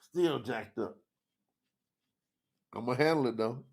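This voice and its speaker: A man with a medium-pitched, creaky voice teaches scripture on a livestream at a measured pace. He speaks directly to the viewers in the chat, emotional and close to tears.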